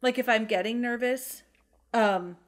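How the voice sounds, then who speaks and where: This is a woman in her thirties, a mother who co-hosts a casual podcast, with a fairly high voice and a measured pace. She chats in a self-deprecating way and says "um" often.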